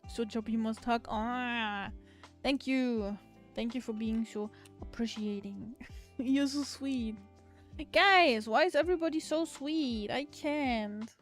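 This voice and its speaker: A woman's voice: fairly high pitch, slow pace, soft background music. A woman livestreamer in casual chat with her viewers, giggling often and swearing casually.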